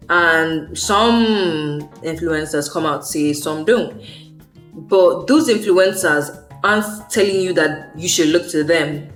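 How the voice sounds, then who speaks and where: A young woman rambles through a personal faith vlog in a loose, slangy way, circling back on her own words. Her voice sits a little low for a woman. Soft music plays faintly behind her. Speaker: faith vlogger. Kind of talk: casual faith vlog monologue.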